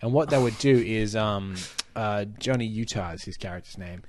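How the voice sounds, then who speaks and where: A man's voice: lowish voice, moderate pace, a little mellow, slight background noise. A man co-hosts a chatty comedy podcast in a loose, laid-back way. He reads listener questions aloud and laughs easily along the way. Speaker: podcast co-host. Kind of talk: casual chat.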